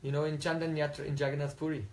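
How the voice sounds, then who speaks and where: A man's voice: a little high, flat delivery, racing, a little mellow. A man telling a religious story in a talk, often checking in with his listeners. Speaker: spiritual teacher.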